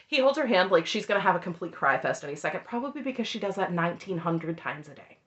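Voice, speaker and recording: A woman's voice: on the low side, animated, fast talker, a bit bright. A woman giving an opinionated, sarcastic recap of a reality TV show, laughing often as she talks. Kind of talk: opinionated reaction commentary.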